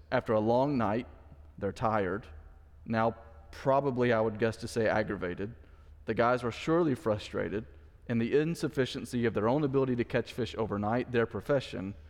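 A man's voice: mid-range voice, darkish tone. A pastor giving a conversational sermon in church, acting out the quoted lines of the story he is teaching. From Mississippi. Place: church sanctuary. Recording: long church hall reverb.

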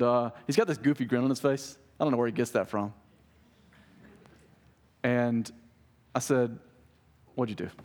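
A man's voice: mid-range voice, darkish tone. A pastor in his thirties preaching a conversational sermon, acting out short exchanges between church members. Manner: conversational preaching, acts out quoted voices.

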